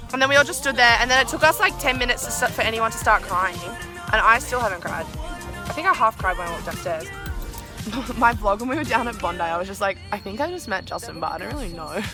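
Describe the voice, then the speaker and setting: A young woman vlogging, telling an excited story in a chatty way, full of "like" and swearing. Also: a little high. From Australia. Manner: chatty, swears a lot, heavy use of "like".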